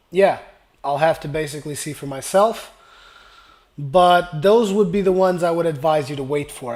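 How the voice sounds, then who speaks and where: A man's voice: a little high, darkish tone. A young man hosting a gaming channel, casually reading viewer comments aloud and answering them while his voice is wearing out from a dry throat. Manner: casual, rambling, reads comments aloud then responds.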